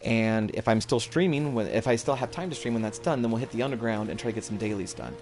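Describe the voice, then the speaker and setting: A man's voice: medium pitch, fast, a little mellow, soft background music. A man streaming a video game from home, giving loose live commentary that often trails off and corrects itself. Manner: rambling, loose and self-correcting.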